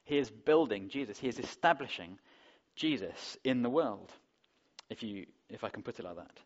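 A man's voice: mid-range voice, animated, moderate pace. A man preaching a sermon in a conversational way, often putting rhetorical questions to the congregation, on a dull lo-fi recording. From England.

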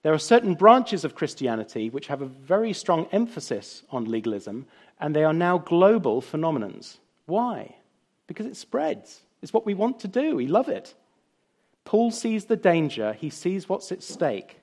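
Animated male preacher. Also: on the high side, normal speed. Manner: animated storytelling, voices quotes. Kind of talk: sermon.

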